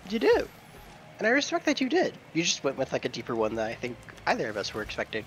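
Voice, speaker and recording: A man's voice: mid-range voice, wildly swooping pitch, fast, fairly bright tone, slight background noise, poor audio. A man playing an online game alongside a friend, making dry, teasing remarks in casual chat. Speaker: co-player. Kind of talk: casual chat while gaming.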